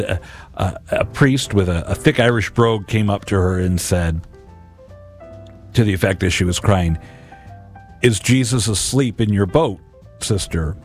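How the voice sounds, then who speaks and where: A man in his forties giving an earnest, conversational reflection on the gospel, often repeating words as he talks. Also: on the low side.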